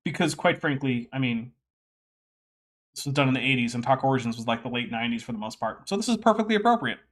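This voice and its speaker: A man's voice: medium pitch, animated, quick pace. A man hosting a casual commentary stream, reading text aloud with wry, sarcastic asides. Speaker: host.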